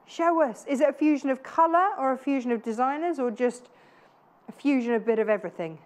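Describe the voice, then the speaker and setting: A woman in her thirties hosts a live studio sales show. Her voice sits a little high, and she gushes with chatty, self-deprecating asides. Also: fast talker. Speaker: shopping channel presenter.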